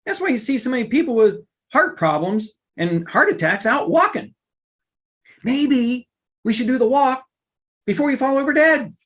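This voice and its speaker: Middle aged guy doing a work webinar, punchy and animated, repeats stuff for emphasis. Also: very high-pitched, moderate pace. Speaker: workplace trainer and coach. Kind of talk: live online lunch-and-learn presentation.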